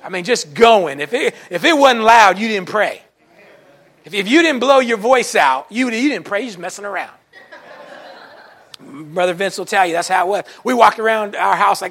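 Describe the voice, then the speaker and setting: A male pastor preaches a sermon to his congregation at a church service, speaking a little fast in a high, bright voice with a gravelly edge. His folksy stories come out animated and colloquial, occasionally rising into a shout.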